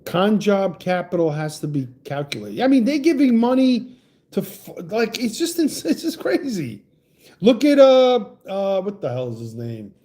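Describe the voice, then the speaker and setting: A man rants heatedly on a livestream, his voice sitting high and swooping up and down as he argues. The tone is mellow and dark despite the pitch, and he trips into profane, stammering restarts while greeting viewers from the chat. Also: big pitch swings, normal speed. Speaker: livestream host reading chat. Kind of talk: ranting political livestream chat.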